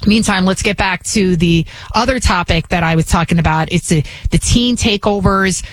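A woman's voice: fairly low pitch, moderate pace, no room sound. A woman host giving opinionated political commentary, firing rhetorical questions with frequent restarts.

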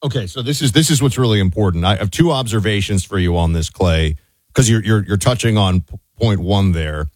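A man's voice: fairly low pitch, a little fast, a little mellow, no room sound. Emphatic man on talk radio. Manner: emphatic, sarcastic, argumentative. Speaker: radio show co-host. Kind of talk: opinionated talk radio commentary.

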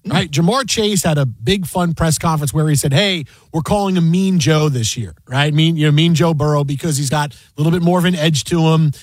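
A man hosting a sports radio show, telling stories in a casual, animated way and breaking into loud sung and shouted bits. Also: on the high side, brisk, few pauses, no room sound. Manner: animated storyteller, loud sing-song impressions.

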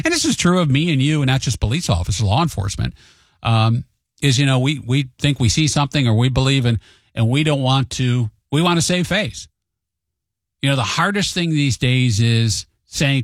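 A man's voice: mid-range voice, dry recording, studio quality. A man hosting a talk show, telling stories in a casual monologue and raising his voice to act out the quotes. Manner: chatty storyteller, acts out quotes with a raised voice; admits he tends to be hot-headed.

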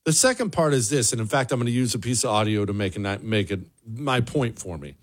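A man's voice: mid-range voice, lively intonation, quick pace. Sarcastic male political show host. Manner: sarcastic, emphatic, mocking. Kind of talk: opinionated monologue.

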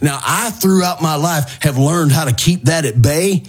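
A middle-aged man hosting a radio show, telling a neighborhood story in a lively, animated way and mimicking shouting neighbors. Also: on the high side, normal speed, slightly rough, faint music behind.

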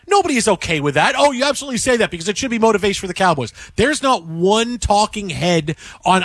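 A man's voice: sits high, a bit bright, no room sound. A man hosting a sports talk radio show, ranting emphatically and repeating himself for effect.

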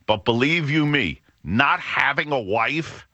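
Man, middle-aged, podcast host, self-deprecating rambling monologue, bright tone, dry close sound. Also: mid-range voice, animated, takes it slowly, no room sound, dull audio. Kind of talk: casual monologue.

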